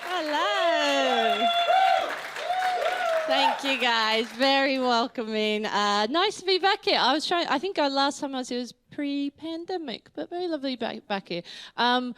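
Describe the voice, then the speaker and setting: A woman's voice: high-pitched, animated, unhurried, a crowd in the background, noisy background. An Australian woman performing a stand-up comedy set in a club, rambling and breaking off with laughs. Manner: rambling, self-interrupting, laughing through lines. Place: comedy club stage with live audience.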